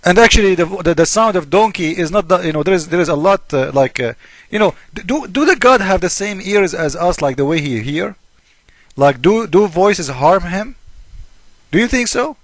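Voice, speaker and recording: A man's voice: high-pitched, animated, moderate pace, no room sound. A man delivering a polemical monologue as a religious critic, mocking and argumentative, firing off rhetorical questions.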